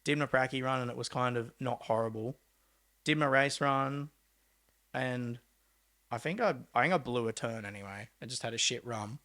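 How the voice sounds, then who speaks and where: A man's voice: medium pitch, normal speed. Young Australian man telling a wild story. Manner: animated, acts out quotes, laid-back slang and swearing. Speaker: podcast guest, pro mountain bike rider. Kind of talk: casual storytelling.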